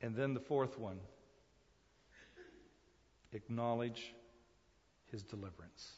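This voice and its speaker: A male pastor preaching a sermon dynamically, swinging between loud emphatic calls and hushed asides, repeating phrases for emphasis and addressing listeners as folks. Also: mid-range voice, takes it slowly. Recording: muffled recording in a long-echo hall.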